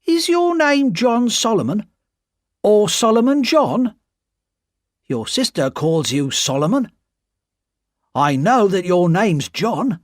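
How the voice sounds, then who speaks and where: A man's voice: high-pitched, sing-song, takes it slowly, long pauses, no echo, studio quality, pitched above the performer's own voice, full character voice. A woman voicing a blunt, suspicious working-class man who questions emphatically in a read-aloud story. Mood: interrogating.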